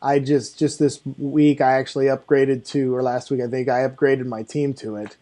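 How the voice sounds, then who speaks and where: A man's voice: mid-range voice, flat delivery, normal speed, mellow. A man hosting an interview, easygoing and affirming in a chatty way. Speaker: podcast host. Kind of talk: casual interview chat.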